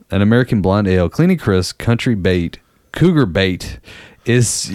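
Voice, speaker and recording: A man's voice: lowish voice, no room sound, clean studio sound. A man co-hosting a podcast in casual comedic chat, joking and giggling as he reads product notes aloud. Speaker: podcast co-host.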